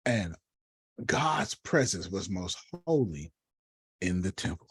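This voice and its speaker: A man, teaching a lively, preachy Bible lesson over a video call and calling on listeners by name. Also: low-pitched, slow pace, pauses often, breathy edge, no room sound. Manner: uses Black church phrasing.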